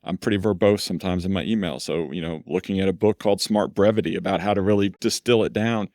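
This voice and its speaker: A man's voice: deep voice, fast talker, a little mellow, dry recording, clean studio sound. A middle-aged man, a law firm chief, talking reflectively and at length in a podcast interview, telling stories. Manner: reflective, rambling storyteller. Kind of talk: conversational interview.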